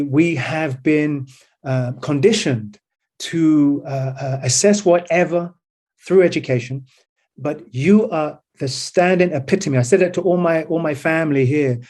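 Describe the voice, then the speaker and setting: Casting: male guest, breath-work teacher, slightly raised pitch, earnest and emphatic. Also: a little mellow. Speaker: podcast guest, movement teacher. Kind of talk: casual conversation.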